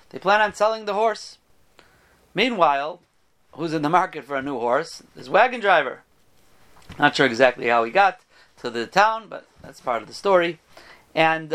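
High-voiced man telling a parable. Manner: animated storyteller, voices the characters. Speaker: rabbi giving a Torah talk. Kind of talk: storytelling sermon.

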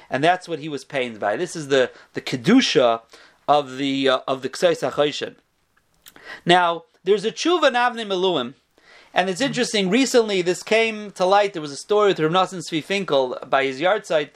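A man's voice: a little high, fairly bright tone. A man giving a Torah lecture in a storytelling manner, often restarting his phrases and using Hebrew terms.

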